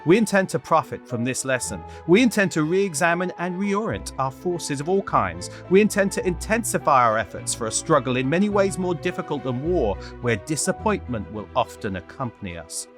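A man's voice: on the high side, big pitch swings, a bit bright, faint music behind. A man doing a Boston-accented president orating. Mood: resolute. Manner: rousing, measured oratory. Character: middle-aged male US president giving a defiant speech. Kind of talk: impression of a political speech.

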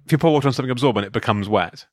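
A man's voice: mid-range voice, very fast, darkish tone, no room sound. A man hosting a comedic podcast, rambling and joking in casual chat, often restarting words.

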